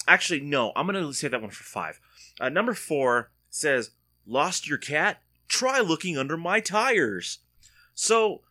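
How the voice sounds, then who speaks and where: A man hosts his podcast from home in a loose, chatty way. He rambles and jokes, restarts sentences, and his voice swings widely in pitch. The tone is bright and forceful. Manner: rambling and joking, with frequent restarts. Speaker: podcast host. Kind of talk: casual solo podcast chat.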